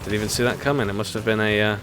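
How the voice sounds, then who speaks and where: Man, game streamer, low-ish voice, rambling live commentary, laughs a lot, loud game music behind. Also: fairly even intonation, racing. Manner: chatty, rambling, laughs often. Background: racing game music.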